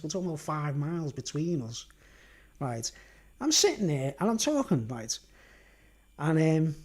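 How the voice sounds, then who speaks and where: A man's voice: on the high side, a little mellow. A man with a Merseyside accent telling a long story in a casual livestream monologue, stressing his points and checking in with the listener. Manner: emphatic, keeps asking "right?" and "do you understand?". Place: at home.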